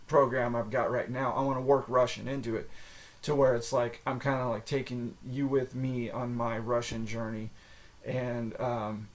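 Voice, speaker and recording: American male podcast host, mid-pitched, loose rambling solo talk. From United States. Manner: rambling, filler-heavy, frequent restarts. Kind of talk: casual solo monologue.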